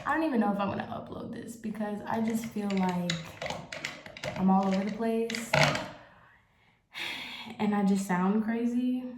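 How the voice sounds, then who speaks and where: A woman's voice: mid-range voice, moderate pace, long pauses, darkish tone, slight background noise. A young woman vlogging in a candid, rambling way, filling her talk with "like" as she chats while getting ready at home. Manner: rambling, candid, heavy use of "like". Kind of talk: casual confessional chat. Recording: roomy echo.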